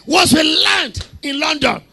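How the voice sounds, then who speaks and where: A Nigerian man preaching with a high, gravelly, bright voice. He tells jokey stories and mimics people before shouting prayer lines for the crowd to repeat. Music plays faintly behind him. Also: a little slow. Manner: humorous storytelling, mimics congregants, laughs often. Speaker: prophet preaching. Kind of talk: sermon.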